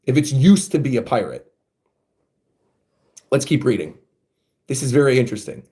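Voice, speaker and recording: A man hosting a casual reaction, thinking out loud as he reads panels aloud. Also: medium pitch, very animated, moderate pace. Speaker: manga reaction host.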